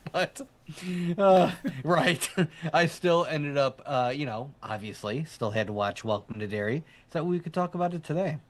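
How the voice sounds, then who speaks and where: This man's voice sits on the high side, with lively intonation and a measured pace. An adult army veteran, he co-hosts a casual live podcast show, rambling and chatty, laughing often as he teases his partner.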